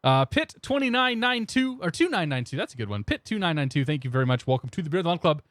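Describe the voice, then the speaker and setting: A man's voice: fairly high pitch, big pitch swings, quick pace, fairly bright tone, dry recording. A young man streaming a flight sim, rambling casually and greeting his chat by name into a desk microphone. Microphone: new desk microphone.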